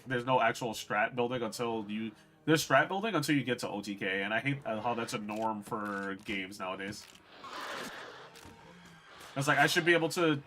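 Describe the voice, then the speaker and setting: A man's voice: mid-range voice, bright, forceful tone, slight background noise. A man streaming a game, chatting casually and profanely to his viewers. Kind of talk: casual gameplay commentary.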